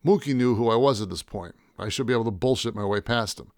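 A man narrating a first-person story in a wry, deadpan way. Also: medium pitch, fast, dry recording, studio quality. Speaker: audiobook narrator.

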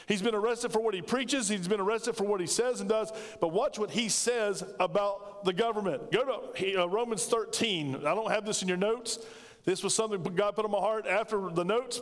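A man delivers a sermon in a bright, high register, speaking plainly and with force. He calls out to the congregation and drives his points home. His voice carries a long reverb in a church hall. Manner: emphatic, conversational preaching with call-and-response to the congregation. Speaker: pastor. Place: church sanctuary.

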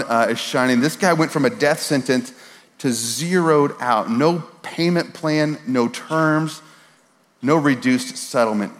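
A man preaching a casual, conversational sermon, animated and informal with slang and repeated words, at times dropping to a soft, earnest voice. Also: medium pitch. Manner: drops to a soft, quiet voice for earnest moments. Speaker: pastor. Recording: long reverb of a large hall.

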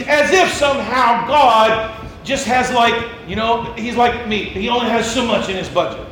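A man's voice: extremely high pitch, normal speed, fairly bright tone, a little hiss or hum, low-quality recording. A male pastor delivering a sermon in an emphatic, folksy way, with self-deprecating asides.

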